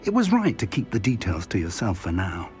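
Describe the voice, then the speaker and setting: Polite old wizard teacher, lively and measured, game music behind. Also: male voice, lowish voice. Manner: measured, courteous, formal. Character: learned older male wizard professor.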